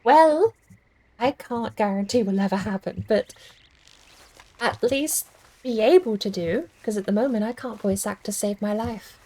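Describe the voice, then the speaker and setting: A woman's voice: medium pitch, measured pace, dark tone, rough recording. A woman streaming a video game, chatting casually and thinking aloud in a rambling, self-deprecating way. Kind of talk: casual gaming stream chat.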